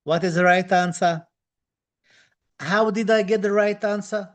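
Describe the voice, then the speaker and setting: Enthusiastic high-voiced male dental tutor. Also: fairly even intonation, measured pace. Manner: enthusiastic, reads out viewer comments, repeats phrases. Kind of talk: live online lesson.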